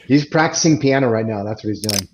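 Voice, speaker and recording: A man's voice: lowish voice, animated, fast, noisy background. A man playing online poker, chatting casually with short, dry remarks. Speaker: poker player.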